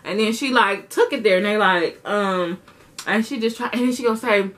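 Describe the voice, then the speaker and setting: A woman's voice: medium pitch, moderate pace. A young woman vlogger telling a storytime to her camera in a casual, slangy way, acting out both sides of an argument. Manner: animated, slangy, acts out the dialogue.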